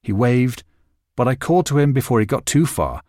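A male audiobook narrator reads a novel in a brisk, expressive, scripted storytelling style. His pitch roams freely and colorfully across every line, and the recording is dry and close with no room echo.

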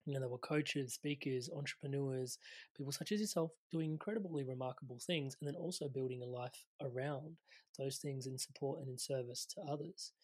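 A man's voice: mid-range voice, brisk, darkish tone, husky. A man hosting a podcast, sharing his own story in a reflective, casual way and laughing now and then while speaking. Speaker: podcast host. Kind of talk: casual conversational interview.

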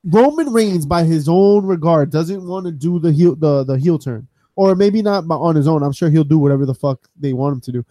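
A man co-hosting a casual wrestling podcast, talking excitedly and swearing as he spins theories. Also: a little high, brisk, hardly any pauses, dry recording. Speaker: podcast co-host. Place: small studio.

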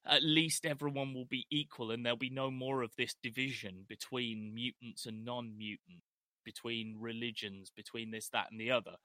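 A man's voice: medium pitch, fairly even intonation, normal speed, sharp tone, no echo, studio quality. A middle-aged man co-hosting a casual film discussion podcast, chatty with hesitant restarts. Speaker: podcast co-host.

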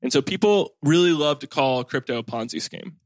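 A man's voice: on the high side, fairly quick, dry recording. Rambling young man, dry close sound. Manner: rambling, heavy on "like" fillers, animated storytelling. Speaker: podcast host. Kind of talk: casual family chat.

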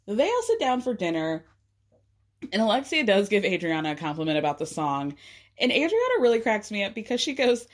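Animated, sarcastic woman doing a recap. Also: mid-range voice, brisk. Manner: sarcastic, animated, laughing asides. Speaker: recap vlogger. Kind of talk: casual recap commentary.

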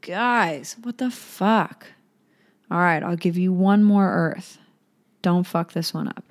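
A woman's voice: fairly low pitch, slow pace. A woman voicing the original male creator god, speaking casually, fed up and swearing at his sons.

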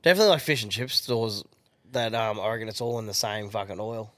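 A man's voice: lowish voice, fast talker, a bit bright, dry recording. A man co-hosting a podcast, chatting easily and swearing casually. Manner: easygoing, agreeing, swearing. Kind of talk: casual chat.

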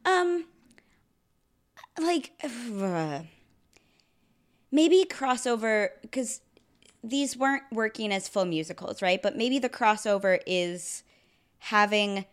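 Young woman, podcast co-host, casual chat, animated, laughs a lot. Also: on the high side, slow pace, long pauses. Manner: animated, laughs often, talks in bursts.

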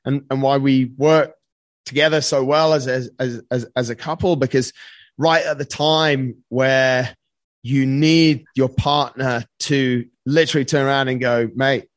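A man's voice: medium pitch, steady tone, a little slow, no echo. A man telling a personal story as a podcast guest, earnest and casual, often saying "mate" and swearing freely.

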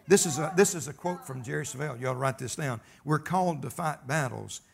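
A man's voice: fairly high pitch, quick pace, gravelly. A man preaching a sermon, folksy and emphatic, telling stories and calling for amens. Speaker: pastor.

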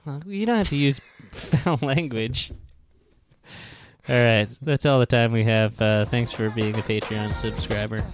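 A man's voice: medium pitch, a little slow, soft background music. A man co-hosting a comedy podcast, talking in a wry, profane, rambling way. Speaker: podcast co-host. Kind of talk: casual comedic chat.

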